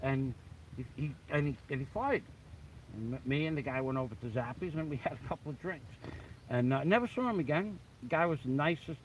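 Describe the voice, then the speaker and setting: A man recounts an old tale in casual, profane storytelling. His voice sits a bit higher than most men's. He talks bluntly and animatedly, swears freely, and often trips over the start of a sentence. A faint hum of background noise sits behind him. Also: low-quality recording. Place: the Philippines.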